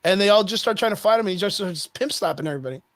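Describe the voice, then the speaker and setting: A man with a fairly high voice tells a story in an animated, profane, filler-heavy way. He speaks as a podcast guest into a close mic. The sound is dry. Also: very fast, dry recording. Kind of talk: casual chat.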